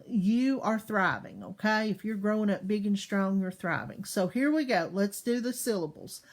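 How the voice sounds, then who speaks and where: A woman teaching young children in a slow online class, patiently sounding out words syllable by syllable. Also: mid-range voice.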